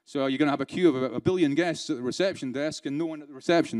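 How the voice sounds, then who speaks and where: A man's voice: a little high, rapid-fire, a little mellow, dry recording. British man giving a sarcastic keynote. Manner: conversational, rhetorical questions, dry sarcasm. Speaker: keynote speaker. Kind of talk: live conference keynote. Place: conference room.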